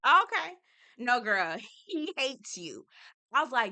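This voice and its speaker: A young woman hosts a reality TV recap, chatting slowly in a bright, slightly high voice. She is animated and expressive, acting out quotes and laughing often.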